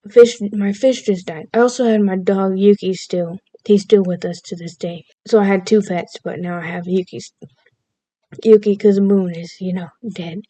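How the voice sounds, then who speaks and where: A woman's voice: medium pitch, dark tone, dry recording. A woman vlogger casually telling a personal story, chatty and playfully overdramatic, laughing at herself now and then.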